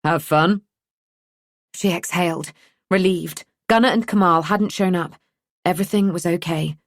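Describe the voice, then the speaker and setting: A woman narrates a thriller audiobook in a measured, even storytelling manner, reading from a script. Her voice sits on the low side, and the studio sound is clean, with no room sound.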